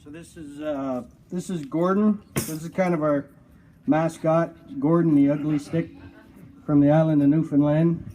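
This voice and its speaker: A man's voice: on the high side, mellow, a little hiss or hum, poor audio. Laid-back Canadian man, joking band guest. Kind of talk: casual interview. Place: outdoor front porch.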